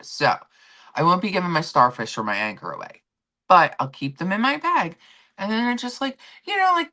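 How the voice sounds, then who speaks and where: Low-voiced chatty woman with lively swings. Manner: chatty storyteller acting out quotes. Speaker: stream host. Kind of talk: casual chat.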